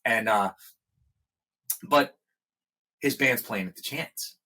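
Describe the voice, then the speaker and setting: A middle-aged man with a husky, slightly rough voice tells stories in a relaxed podcast chat. His pitch sits in an ordinary middle range. He livens up when he acts out the people in his stories. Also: takes it slowly. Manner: animated, acts out quoted people in a raised voice. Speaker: guest musician. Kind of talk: casual storytelling in a podcast interview.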